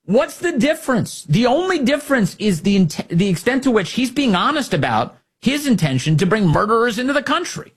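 A man hosting a political talk show, sarcastic and animated, often mocking others in put-on voices. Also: high-pitched, slightly rough. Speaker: talk radio host.

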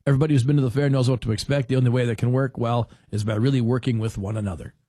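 A man's voice: medium pitch, racing, breathy edge, no echo, studio quality. A man hosting a talk show, chatting casually and rambling a bit as he tells stories and acts out what people say. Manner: animated storyteller who acts out quotes; rambling with restarts.

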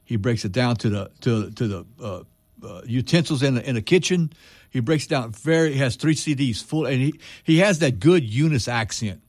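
Male radio host, dry close sound, easygoing and halting. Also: mid-range voice, dry recording. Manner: relaxed, halting, many restarts. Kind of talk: radio interview conversation. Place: radio studio.

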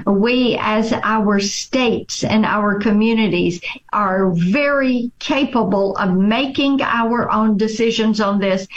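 Slow, deliberate woman politician. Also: fairly high pitch, lo-fi sound. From Tennessee. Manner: slow, deliberate, piles up repeated phrases. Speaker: politician guest. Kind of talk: interview answers.

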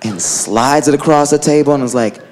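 A man doing stand-up comedy, telling an animated story and acting out his family's voices, recorded live in a club. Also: medium pitch, moderate pace. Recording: live club with audience laughter and noise. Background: audience laughing.

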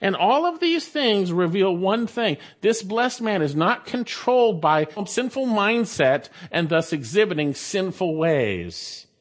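Male preacher, slightly high voice, emphatic and repetitive delivery. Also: sing-song, unhurried, few pauses. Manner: emphatic, repeats phrases for stress. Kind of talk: sermon.

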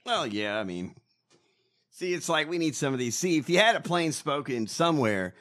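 A man's voice: on the high side, very animated, moderate pace, fairly bright tone. A man co-hosting a casual political chat, ranting and mocking with lots of swearing. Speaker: podcast co-host.

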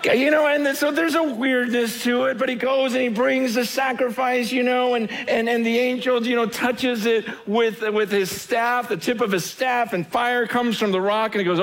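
A man preaching a conversational sermon, animated and chatty, often repeating his words and laughing. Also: very high voice, moderate pace. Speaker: pastor.

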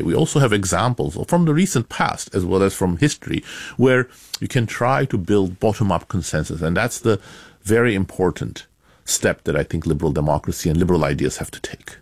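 Academic author guest: deep-voiced man, dry studio sound, steady explanations with sudden emphasis. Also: no room sound. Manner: measured, explanatory, lively emphasis. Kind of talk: interview answers.

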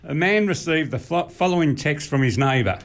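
A man's voice: a little high, animated, a little fast, slight background noise. A man, co-hosting a casual chat and telling jokes in a storytelling manner. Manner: storytelling, chuckles mid-joke. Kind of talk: casual joke-swapping chat.

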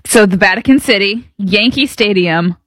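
A woman co-hosting a casual trivia segment, quick to answer, with short replies and easy reactions. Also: mid-range voice, a bit bright, dry recording. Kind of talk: casual chat.

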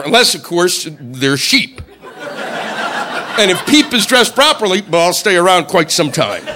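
A male comedian on stage working through an incredulous bit. His voice sits a touch high and leaps around in pitch, with sudden loud put-on voices for the punchlines. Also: sing-song, measured pace, slight background noise. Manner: incredulous, building to loud squeaky impressions. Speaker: stand-up comedian. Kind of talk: stand-up routine.

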